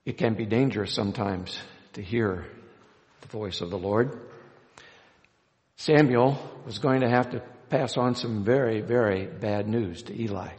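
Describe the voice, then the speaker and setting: A man's voice: lowish voice, unhurried, a little mellow. A man reading scripture aloud and then preaching a sermon as pastor, telling stories and acting out the quoted lines. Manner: storytelling, acts out quoted lines with a raised voice; hesitant restarts with uh. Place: church sanctuary. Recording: long reverb of a church hall.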